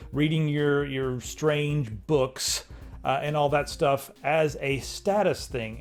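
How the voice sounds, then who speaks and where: A man's voice: a little high, a little mellow. Man ranting in a tech chat. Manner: ranting, critical, frequent restarts. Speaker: co-host. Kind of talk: casual tech discussion.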